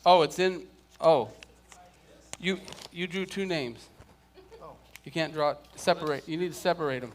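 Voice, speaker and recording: A man's voice: on the high side, unhurried, pauses often. A man teaching a casual church Bible class, chatting and joking with his students.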